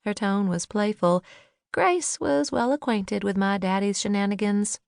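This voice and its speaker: A woman narrating a first-person novel in a measured, lightly wry manner, on a close studio mic. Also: medium pitch, creaky, no room sound. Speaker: audiobook narrator.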